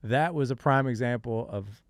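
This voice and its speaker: A middle-aged man hosting a podcast, telling a story with lively energy and acting out what people said in an exasperated way. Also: mid-range voice, moderate pace, no room sound, studio quality. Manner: lively, exasperated retelling with acted-out quotes. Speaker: podcast host. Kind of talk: animated storytelling in casual chat.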